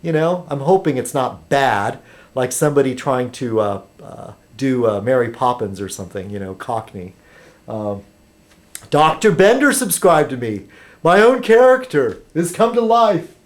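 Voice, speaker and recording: A man's voice: medium pitch, animated, moderate pace. A man rambling casually on a webcam vlog, chatty and full of ums and restarts. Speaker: video blogger.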